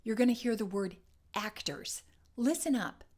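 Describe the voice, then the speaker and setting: A woman's voice: fairly high pitch, animated, moderate pace, a little mellow. A woman teaching an accent lesson, modeling and repeating sounds as she explains. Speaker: dialect coach.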